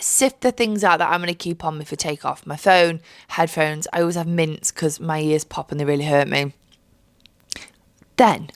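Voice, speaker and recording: A young woman telling a travel story in a casual vlog, animated and heavily sweary, mocking people with put-on voices. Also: fairly low pitch, no echo, studio quality. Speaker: vlogger.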